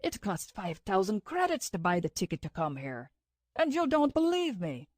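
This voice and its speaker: A woman's voice: medium pitch, sing-song, moderate pace, darkish tone, no echo, studio quality. A woman voicing a dazed young man who talks in a drowsy, slurred, matter-of-fact way. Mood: groggy.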